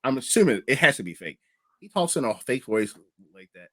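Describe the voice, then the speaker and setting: Fast, lively male podcast host. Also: medium pitch, no room sound, studio quality. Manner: blunt, swears freely. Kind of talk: casual podcast chat.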